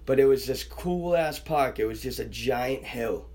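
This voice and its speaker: A young man appearing as a podcast guest speaks in a medium pitch at a measured pace. In relaxed chat he tells a wild story, animated and swearing constantly, while acting out the voices of those involved.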